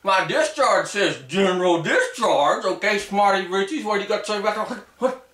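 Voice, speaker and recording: A man's voice: sits high, expressive, moderate pace, a bit bright, far from the mic. A man playing a boastful, simple-minded backwoods ex-soldier who rambles through a comic story in ungrammatical rural dialect, recorded in an echoey room away from the mic. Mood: pleading, panicky. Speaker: comic character. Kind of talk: comic character monologue. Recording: roomy echo, voice away from the mic.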